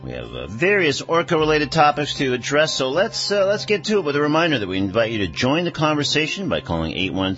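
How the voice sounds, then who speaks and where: A man hosting a radio talk show, reading stories in an unhurried way with many pauses. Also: lowish voice, fairly bright tone. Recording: dull radio broadcast audio.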